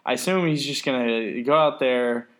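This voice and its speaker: A man's voice: medium pitch, moderate pace, a bit bright. A man co-hosting a podcast in casual chat, ranting sarcastically and swearing freely. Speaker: podcast co-host.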